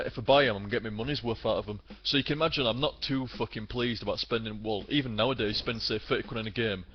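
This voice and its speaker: A man's voice: mid-range voice, slight background noise. Sweary British man ranting casually. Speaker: gaming streamer. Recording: slightly dull lo-fi sound.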